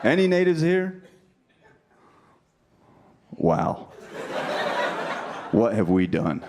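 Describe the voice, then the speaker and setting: A man's voice: medium pitch, very animated, very slow, noisy background. A man doing a stand-up comedy set, telling a story in a brash, punchy way on a club stage with a handheld mic.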